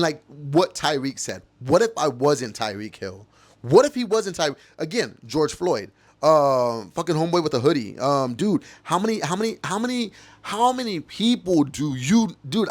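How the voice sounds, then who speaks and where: A podcast host with a medium-pitched voice and vocal fry launches into a heated, emotional monologue about his own experiences. He curses and repeats himself as he rants.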